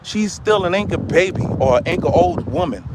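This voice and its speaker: A man playing a boastful, hot-tempered man who rants on a live stream, swinging from muttering to yelling. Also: fairly high pitch, animated, fairly quick, very noisy, natural voice. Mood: ranting. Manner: ranting, repetitive, swinging from mutters to yells. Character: loud boastful ranting man, quick to anger.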